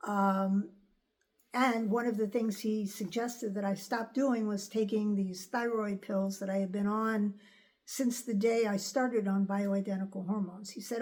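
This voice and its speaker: A woman's voice: mid-range voice, unhurried. An older woman from the United States, candidly telling a personal story to her viewers in a chatty way. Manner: chatty, animated when quoting others. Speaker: vlogger.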